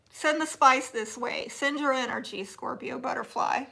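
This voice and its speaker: A Texas woman with a Southern accent hosts a casual live chat and reads her viewers' comments aloud. Her voice is bright and fairly high, and she takes her time. She teases and jokes with an easy laugh. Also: unhurried, vocal fry. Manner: chatty and teasing, laughs often, drops to soft asides. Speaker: livestream host reading viewer chat.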